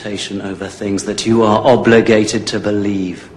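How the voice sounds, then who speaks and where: A man's voice: fairly low pitch, little pitch movement, unhurried, natural voice. An actor playing a stern male church interrogator at a trial, pressing for an answer, heard from a film clip played in a reverberant hall. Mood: demanding.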